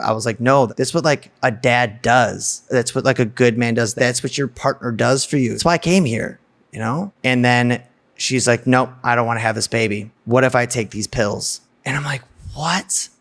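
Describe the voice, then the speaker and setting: A man's voice: medium pitch, fairly even intonation, a little fast, fairly bright tone. A man candidly recounting a personal story in a blunt, emotional way, swearing freely. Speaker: guest telling a personal story.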